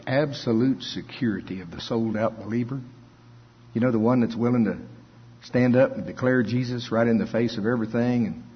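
A male preacher giving a conversational sermon, reading scripture aloud and chuckling between his points. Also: medium pitch. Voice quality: husky. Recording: dull lo-fi recording.

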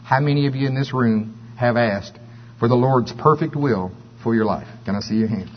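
A man preaching a sermon to a congregation in a room, animated and preacherly, acting out quoted prayers in a raised voice. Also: mid-range voice, normal speed. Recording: dull lo-fi recording with faint hum.

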